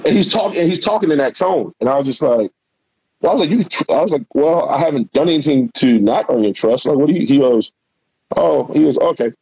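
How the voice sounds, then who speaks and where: A former pro football player, a man, tells loose, profane stories from his playing days in a casual interview. His voice is husky. The recording is dull and lo-fi, with a dry sound. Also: a little high, animated, fairly quick, a little mellow, no room sound. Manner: candid, profane, loose storytelling.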